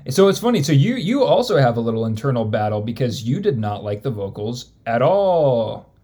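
A man's voice: medium pitch, sing-song, normal speed, mellow, husky. A man hosting a casual music podcast, asking teasing questions. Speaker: podcast host.

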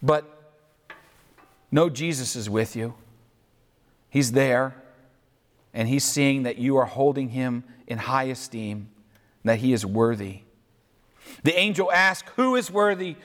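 A man preaching a sermon, deliberate and questioning, addressing listeners who worship at home. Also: mid-range voice, a bit bright. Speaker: pastor. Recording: echoey hall reverb.

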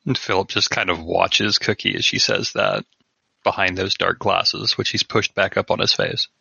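A man with a low, gravelly, husky voice that still has a sharp edge, speaking in a dry, mock-formal manner as he plays a tabletop game. His voice comes through a dull, dry home mic. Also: fairly even intonation, moderate pace, no room sound. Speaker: player. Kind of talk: playing a tabletop game in character.

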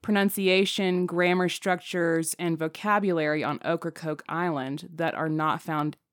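A woman's voice: lowish voice, fairly even intonation, a little slow, no echo, studio quality. A woman co-hosting a podcast, telling a story in casual chat and laughing often. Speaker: podcast co-host.

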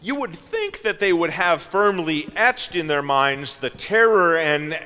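A man preaching a sermon in a slow, reflective way, asking his listeners questions. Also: on the high side, expressive, pushed and bright, clear, resonant tone, big-room sound.

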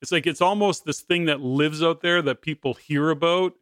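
Male podcast host, bright and forceful, chatty and rambling, dry close sound. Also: a little high, moderate pace, dry recording. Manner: rambling, with many restarts. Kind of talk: conversational podcast interviewing.

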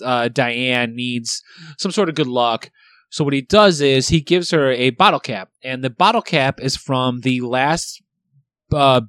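A man's voice: mid-range voice, a bit bright, dry recording, studio quality. A man in casual podcast chat, retelling a favorite sitcom episode in a rambling way, swearing freely and using lots of fillers. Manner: rambling, profane storytelling with many fillers.

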